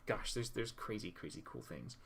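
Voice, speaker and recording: A man's voice: lowish voice, very animated, moderate pace, gravelly, a bit bright, breathy edge. A young man from California chatting casually on a livestream, reading viewer comments aloud and riffing on them with laughs. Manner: chatty, reads chat aloud and riffs with laughs. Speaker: streamer drawing and reading chat.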